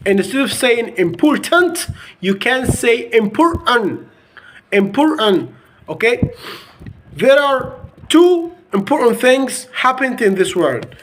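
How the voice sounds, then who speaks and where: A native Arabic-speaking man teaches young children American pronunciation, repeating each word again and again. He speaks slowly and his pitch rises and falls a great deal. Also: animated, slight background noise. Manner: drills words by repeating them over and over. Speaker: English teacher.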